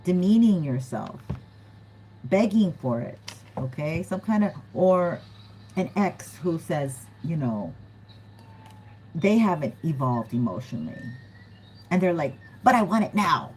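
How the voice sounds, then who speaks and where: Woman tarot reader, low-ish voice, casual and giggly, faint background hiss. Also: very animated, takes it slowly, long pauses, dark tone, poor audio. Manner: chatty, giggly, acts out quoted voices. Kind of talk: casual tarot reading to viewers.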